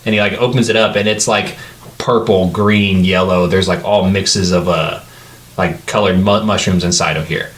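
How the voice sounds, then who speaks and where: Low-voiced man running a tabletop game. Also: steady tone, normal speed, a bit bright. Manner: loose, rambling narration with many fillers and laughs. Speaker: game master.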